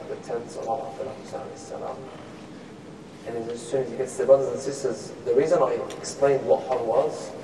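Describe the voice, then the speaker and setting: A man's voice: mid-range voice, background noise. A man preaching a sermon, telling a story with passion that builds into chanted lament. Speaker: sheikh. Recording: echoey hall, mic far off.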